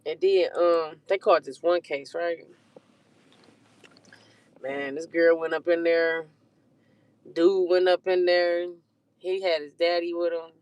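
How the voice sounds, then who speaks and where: Young storyteller going off, cussing a lot, loose and animated, medium pitch, dry sound. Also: slow, long pauses, smooth, no room sound, lo-fi sound. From Detroit. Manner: rambling, profane, animated retelling. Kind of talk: casual storytime monologue.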